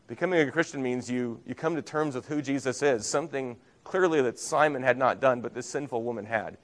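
A man preaching a sermon as a pastor, earnest, rising for emphasis and dropping to soft, low phrases. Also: brisk.

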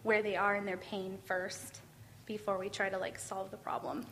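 A woman's voice: medium pitch, level tone, normal speed, fairly bright tone. An earnest woman tells a church group a personal story with heartfelt sincerity. A faint background noise sits under her speech. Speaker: group participant sharing a story. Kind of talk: casual testimony in a church group discussion.

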